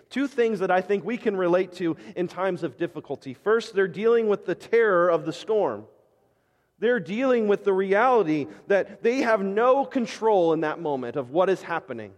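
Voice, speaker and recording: A man's voice: high voice, in a large hall. A man preaching a sermon as pastor, telling the scripture story dramatically and acting out the disciples' outbursts in voice.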